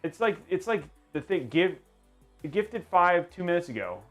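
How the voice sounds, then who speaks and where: A male streamer chats casually and playfully with his audience, often mocking himself. His pitch bounces around a lot, and faint music plays underneath. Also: very animated, normal speed, a bit bright. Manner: rambling, playful, self-mocking. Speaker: livestream host. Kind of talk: casual livestream chat.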